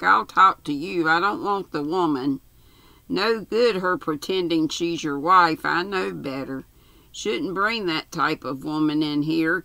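A woman's voice: low-pitched, sharp tone, dry recording, full character voice. An older woman reading aloud and voicing a cantankerous, imperious old aunt who scolds her visitors. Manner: haughty and scolding. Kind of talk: storybook reading.

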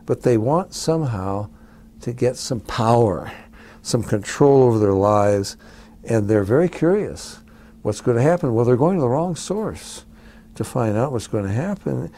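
Male author interviewee; mellow tone, easygoing conversational delivery. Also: mid-range voice, gravelly, slight background noise. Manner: relaxed, chatty, with laughs.

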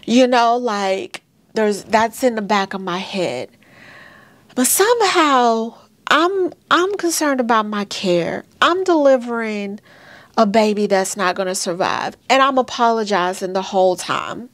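A woman's voice: fairly high pitch, lively intonation, a little slow, fairly bright tone, no room sound. A woman in her thirties telling a painful personal birth story straight to her viewers, earnest and candid. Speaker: vlogger sharing a birth story.

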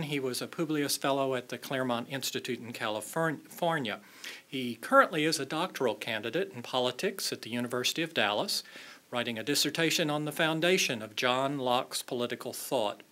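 A man's voice: mid-range voice, sharp tone. A man opening a lecture event, reading a formal introduction of the next speaker with small stumbles. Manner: reading a bio, slight stumbles. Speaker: event host for an institution. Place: lecture hall.

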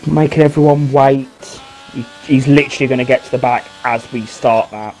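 A British man giving casual live commentary on an online racing league, chatty and teasing, jumping into excited shouts. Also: mid-range voice, normal speed, soft background music. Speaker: race commentator.

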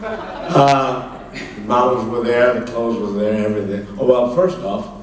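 An older man telling stories from his life as an interview guest on stage, chuckling often and pausing with fillers. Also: mid-range voice, steady tone. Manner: anecdotal, chuckling, halting with fillers. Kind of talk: live stage conversation, storytelling. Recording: roomy, distant mic in a hall.

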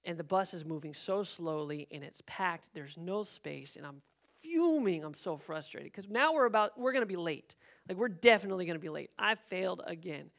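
A man preaching as a pastor, telling a personal story in an animated way and acting out the quotes. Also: high-pitched, fairly quick, vocal fry. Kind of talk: sermon storytelling. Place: church sanctuary.

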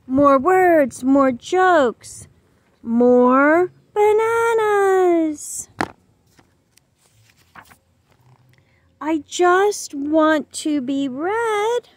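A woman voicing silly, excitable animal friends from a storybook, in a playful, exaggerated read-aloud manner. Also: very high-pitched, very slow, no room sound, voice pushed up, heavily acted. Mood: worried.

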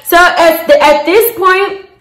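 A woman's voice: very high voice, steady tone, slow, fairly bright tone. A woman in her twenties telling a story to her viewers in a casual, candid, slangy and profane way. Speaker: storyteller vlogger. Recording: roomy echo.

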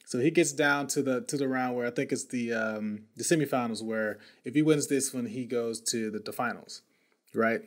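A man's voice: medium pitch, normal speed. A male podcast host telling a story in casual, slangy talk, often repeating and restarting words.

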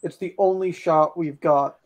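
A man with a fairly high voice plays a tabletop game and speaks in brisk, blunt commands, like a soldier giving orders. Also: fairly even intonation. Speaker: player. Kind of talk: in-character tabletop play.

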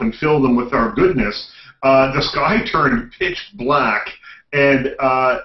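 A man telling a story in a relaxed, wry way. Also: mid-range voice, roomy sound, highs cut off. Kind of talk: casual chat.

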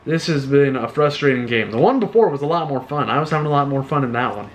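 A man giving live commentary on his own video game play, excitable and talking to himself, groaning at misses and cheering at hits. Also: mid-range voice, fast, a little hiss or hum.

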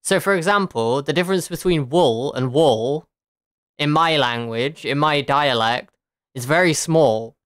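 Streamer woman, casual chatter, swears, laughs a lot, smooth clean voice, dry close sound. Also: low voice, measured pace, no room sound. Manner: chatty, laughs often, swears, answers chat. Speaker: game streamer. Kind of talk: casual live-stream chat.

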